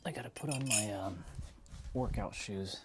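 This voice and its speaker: A North American man hosts a livestream, chatting casually with viewers while making a hot drink. His lowish voice moves at a moderate pace, and the audio is very noisy.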